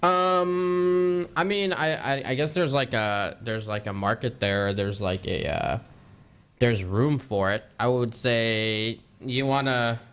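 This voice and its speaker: A man's voice: medium pitch, fairly even intonation, slow, fairly bright tone, clear, resonant tone. A man streamer answering questions in a casual voice chat, hesitant and full of fillers, on a headset mic. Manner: hesitant, thinks aloud with many fillers.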